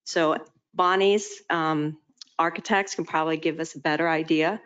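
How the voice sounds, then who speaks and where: A woman's voice: deep voice, fairly even intonation, moderate pace, fairly bright tone, clean tone. A woman staff member giving a careful, tentative answer at a public board meeting, qualifying everything she says. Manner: tentative, qualifies her estimate. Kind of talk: impromptu technical answer. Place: municipal board meeting room. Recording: muffled meeting audio.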